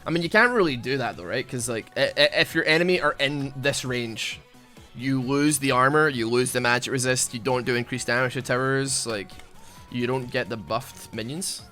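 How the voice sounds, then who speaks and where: A young man chats loosely over a game he is playing, his tone bright and edged. He wanders from one thought to the next, pokes fun at himself, and now and then bursts out loudly at what happens on screen. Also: medium pitch, normal speed, faint music behind. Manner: rambling and self-mocking, with sudden loud outbursts at the game. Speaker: gaming YouTuber. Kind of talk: casual gameplay commentary.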